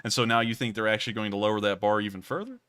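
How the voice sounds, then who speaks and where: A man's voice: lowish voice, racing, fairly bright tone, clean tone, no echo, studio quality. A man hosting a charity livestream who thanks donors effusively and explains the fundraiser. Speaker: livestream host.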